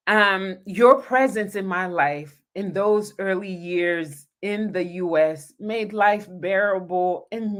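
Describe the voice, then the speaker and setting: A woman pastor reading a heartfelt dedication from her own book on a livestream, talking directly to her viewers. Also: fairly low pitch.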